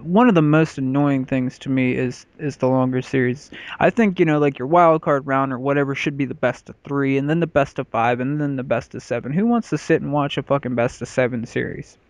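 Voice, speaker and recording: A man's voice: medium pitch, fairly quick, hardly any pauses, no room sound. Profane, rambling man hosting a podcast. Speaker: podcast host. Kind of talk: casual chat.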